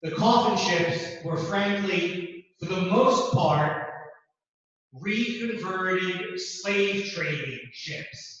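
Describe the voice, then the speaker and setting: A man giving a classroom lecture with a measured, deliberate delivery and emphatic repeats. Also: sits high, expressive, a bit bright. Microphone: distant room mic, also streamed to Zoom. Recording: distant, echoey, dull hall recording.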